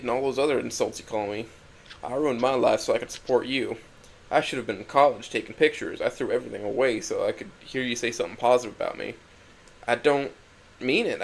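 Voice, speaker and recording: A man's voice: medium pitch, brisk, vocal fry. A man narrating a first-person dramatic story, emotional and swinging from hurt to angry outbursts.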